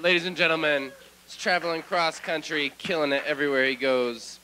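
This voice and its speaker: A man's voice: a little high, steady tone, a little fast, pushed and bright, slight background noise. A man hosting a comedy show, closing the night and thanking the comics and the crowd. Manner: loose, thankful wrap-up. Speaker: host. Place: small comedy club stage.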